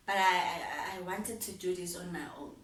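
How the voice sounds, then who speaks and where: A woman's voice: fairly low pitch, moderate pace, fairly bright tone. A young woman vlogger telling a personal story in a heartfelt way, repeating phrases and laughing often. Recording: roomy sound, mic at a distance.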